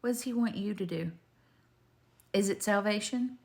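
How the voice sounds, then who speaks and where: A woman's voice: mid-range voice, moderate pace, vocal fry. Older woman, chatty faith talk. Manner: chatty, digressive, homespun, talks straight to the viewer. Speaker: faith video maker. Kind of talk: rambling faith testimony to camera.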